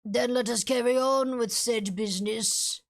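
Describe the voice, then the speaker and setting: A woman's voice: on the high side, steady tone, a little slow, faint music behind, pitched below the performer's own voice. A woman voicing a cold male demon who speaks in a stiff, old-fashioned way while she plays a video game. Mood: cold, formal. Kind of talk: video game voice-over reading.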